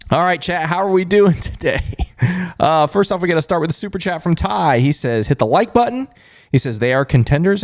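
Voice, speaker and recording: Guy hosting a postgame live show, chatty, keeps laughing, talks right to the chat, regular pitch. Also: darkish tone. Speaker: podcast host and producer.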